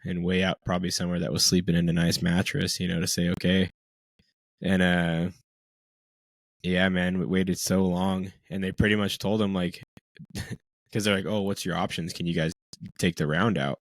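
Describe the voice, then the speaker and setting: Man, very deep voice, dry sound, relaxed, laughs a lot, slangy. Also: normal speed, dry recording. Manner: laid-back, laughs often, lots of "dude" and "man". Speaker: podcast co-host, former Marine. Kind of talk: casual chat.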